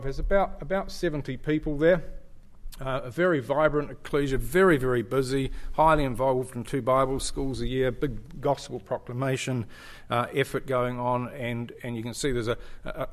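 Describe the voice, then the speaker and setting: A middle-aged man with a New Zealand accent, a visiting church speaker giving a chatty, joking slide presentation to a congregation. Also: mid-range voice. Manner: chatty and joking, with frequent fillers and restarts.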